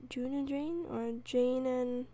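A woman giving casual gameplay commentary, excitable, with gasping exclamations and whispered asides. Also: sits high, takes it slowly. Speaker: let's play gamer.

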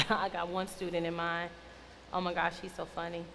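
A woman's voice: fairly low pitch, monotone, normal speed, a bit bright. A young adult woman giving a casual youth sermon as a youth minister. She talks in a conversational, playful, teasing way. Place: church youth hall. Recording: long reverb, faint noise.

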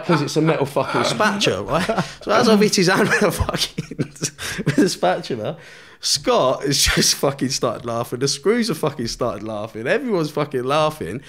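A man's voice: a little high, gravelly. Foul-mouthed man telling a story. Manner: swears constantly, animated storytelling with laughs. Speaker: podcast guest. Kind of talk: storytelling in casual chat.

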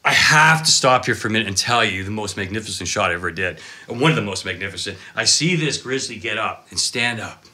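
A man in his fifties, a cameraman guest telling animated, excitable stories full of exclamations. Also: on the low side, a little fast, few pauses. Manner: excitable, dramatic storyteller with exclamations and laughs.

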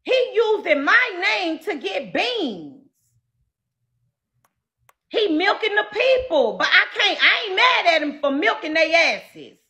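A combative woman livestreamer tears into her chat in a loud, profane rant. Her voice sits high and sounds bright and sharp. Her pitch swoops all over the place as she talks. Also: big pitch swings, slow pace. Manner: brash and profane. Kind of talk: ranting to live chat.

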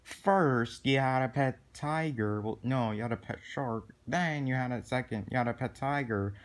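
A strict, bossy chick father, voiced by a man in a home-made puppet movie. He nags his son about chores and lays down the rules in a firm tone. His voice sits in an ordinary middle pitch. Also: moderate pace, lightly acted. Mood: scolding. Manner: nagging and firm, giving orders. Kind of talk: hobby home-movie role-play.

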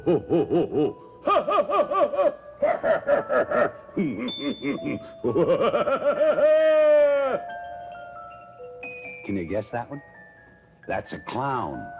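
An actor playing a jolly old Santa Claus who hosts a toy-guessing game for children, with hearty chuckles and a coaxing manner, in a 1950s children's record. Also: male voice, medium pitch, creaky, lo-fi sound. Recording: old mono LP with music behind. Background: music.

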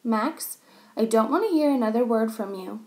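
A woman's voice: a little high, lively intonation, moderate pace, darkish tone, lightly acted. Missus Wushy, a woman reading as a patient schoolteacher. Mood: firm. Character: patient, kindly female schoolteacher. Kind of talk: reading a children's story aloud.

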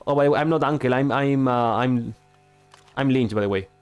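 A man's voice: a little fast, clear, resonant tone. A man streaming a game, speaking English as a second language, rambling and joking at himself about his push-to-talk microphone. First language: not English. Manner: rambling, self-mocking, restarts often. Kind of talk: casual gaming chat. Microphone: gaming microphone with push-to-talk. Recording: low-quality stream audio with faint music.

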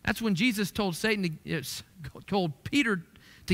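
A man's voice: high-pitched, normal speed, fairly bright tone. A man preaching a sermon in a conversational way, lifting his voice to stress the verses he quotes. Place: church sanctuary. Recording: echoey church hall.

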